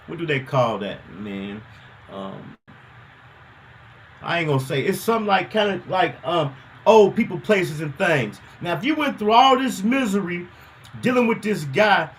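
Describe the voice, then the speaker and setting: Man, high voice, casual news commentary, repeats himself, slangy, faint background noise. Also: poor audio. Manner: animated, repetitive, conversational slang.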